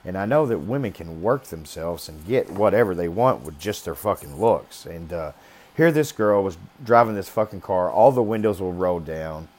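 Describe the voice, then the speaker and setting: A man's voice: sits low, expressive, moderate pace, a little mellow. A man casually telling a personal story in a blunt, rambling way, swearing constantly. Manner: talks about being raised rough.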